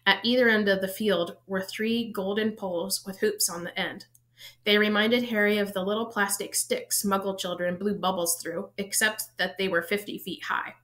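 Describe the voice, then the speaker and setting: A woman reading a children's novel aloud, steady storytelling with the odd slip and self-correction. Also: medium pitch. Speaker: audiobook reader.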